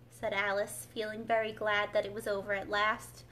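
A woman librarian reading a storybook aloud to families with clear, expressive narration. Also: mid-range voice, normal speed, hardly any pauses. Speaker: children's librarian. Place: library children's room.

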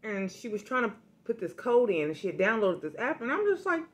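A woman hosting a casual food vlog, talking straight to her viewers and telling a story in a lively, chatty way. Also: mid-range voice, fairly quick. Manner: chatty, addresses viewers directly, animated storytelling. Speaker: food vlogger.

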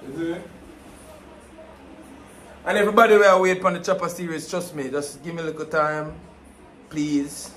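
A man's voice: fairly high pitch, little pitch movement, normal speed, pauses often, a bit bright. A young man vlogging casually at an airport, laid-back and full of street slang. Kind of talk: casual travel vlog. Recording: echoey space with faint noise.

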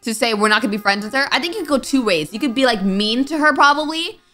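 A woman narrating her way through a horror game, chatty and animated as she reads the dialogue aloud. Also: a little high, fast talker. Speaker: gaming YouTuber. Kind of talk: let's play commentary. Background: game music.

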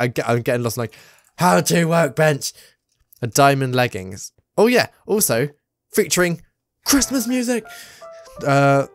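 A gamer giving excitable, self-mocking commentary on a let's play. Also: mid-range voice. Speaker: gaming YouTuber.

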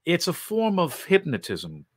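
A man's voice: on the high side, wildly swooping pitch, unhurried, husky, pitched above the performer's own voice, exaggerated voice. A man voicing a lonely, desperate exiled man stranded on Mars, pleading and crying out. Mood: earnest.

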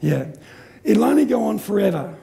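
A middle-aged man giving a live seminar talk, energetic and joking as he quizzes the audience. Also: high voice, moderate pace, vocal fry. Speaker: seminar presenter.

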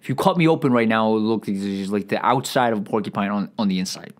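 A man's voice: fairly low pitch, fast talker. Rambling, profane male podcast host. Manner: profane, rambling, frequent restarts and stammers. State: feeling bloated and irritable. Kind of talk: rambling comedic monologue.

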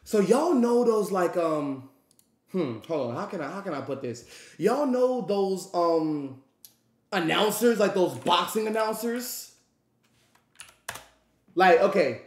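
Male streamer, high voice, roomy room, animated storytelling, acts out the people in his story. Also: takes it slowly, long pauses. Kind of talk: casual storytelling to a live audience.

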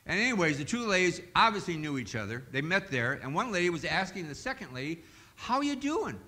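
A man's voice: on the high side, sing-song, fast, pushed and bright. A male pastor preaching a sermon in a folksy, joking storytelling manner in a church.

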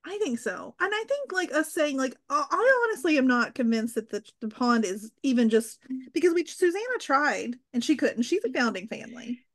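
A woman's voice: high-pitched, very animated, moderate pace. A woman co-hosting a casual fan podcast, tossing out theories in a tentative, hedging way. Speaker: podcast co-host.

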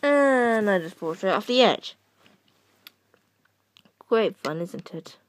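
A woman's voice: medium pitch, animated, takes it slowly, a little hiss or hum. A young woman casually commenting on her own game play from her bed, giggling and mocking herself, sometimes dropping to a whisper. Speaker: gaming channel host.

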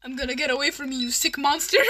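High-pitched excitable woman gamer. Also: slight background noise. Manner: excitable, shrieks and laughs, dramatic complaining. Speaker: channel host. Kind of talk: casual gaming chat with friends.

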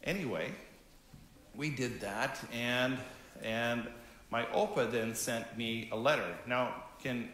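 A man in his fifties, a pastor from Canada, giving a gentle, conversational children's message during a church service. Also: mid-range voice, slow, echoey room, slight background noise. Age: 50s. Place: church sanctuary.

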